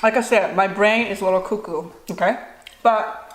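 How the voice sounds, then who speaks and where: A woman's voice: medium pitch, moderate pace, slight background noise. A woman, a mother, chatting casually and playfully during a mukbang vlog in her home kitchen. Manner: animated, playful and self-mocking. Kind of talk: casual chat while eating. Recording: echoey room with faint dish clatter.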